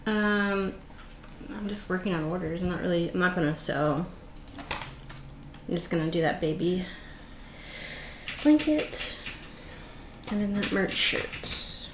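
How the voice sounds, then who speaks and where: A woman's voice: lowish voice, animated, takes it slowly, long pauses, background noise. A woman hosting a casual live stream, chatting easily, greeting viewers by name and laughing often. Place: home craft room. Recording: roomy echo.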